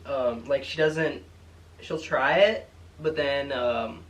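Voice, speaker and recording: A man's voice: medium pitch, takes it slowly, distant mic. A young man answering couples questions in a casual chat, hesitant and full of "um"s. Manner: hesitant, many "um"s, soft-spoken. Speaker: boyfriend, co-host.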